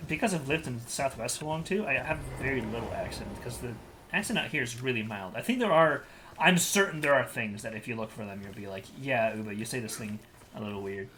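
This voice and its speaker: A man in his thirties, a native Spanish speaker from South America, who streams games and talks in a casual, excitable way with lots of swearing. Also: medium pitch, fairly quick, noisy background. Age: 30s. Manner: swears a lot, excitable outbursts. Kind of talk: casual gameplay commentary.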